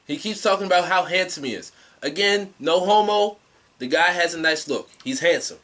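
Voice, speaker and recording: A man's voice: sits high, moderate pace, a bit bright, distant mic. A man co-hosting a podcast, bantering about wrestling with casual swearing and mimicked voices. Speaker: podcast co-host. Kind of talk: casual wrestling recap chat.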